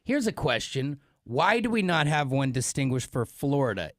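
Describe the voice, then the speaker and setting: A man's voice: mid-range voice, sing-song, normal speed, no echo, clean studio sound. A man co-hosting a morning radio show, chatty and asking curious questions. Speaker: radio co-host. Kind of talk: casual morning radio chat.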